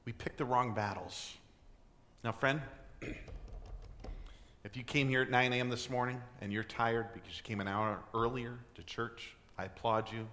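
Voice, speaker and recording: A man preaching a sermon in a church as pastor, emphatic and full of rhetorical questions, often clearing his throat. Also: mid-range voice, fairly even intonation, moderate pace, pushed and bright, long reverb tail. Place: church sanctuary.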